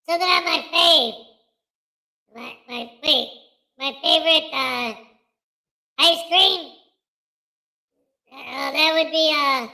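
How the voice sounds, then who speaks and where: A man's voice: very high voice, creaky, pushed and bright, voice pushed up, full character voice. A man voicing a goofy, mischievous male voodoo doll that rambles and giggles on a live stream. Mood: rambling.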